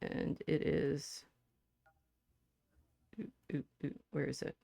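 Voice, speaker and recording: A woman hosting a podcast in a casual discussion about literature. She talks in an animated way, laughs often and restarts her sentences. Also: deep voice, slow pace, gravelly, no echo. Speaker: podcast host.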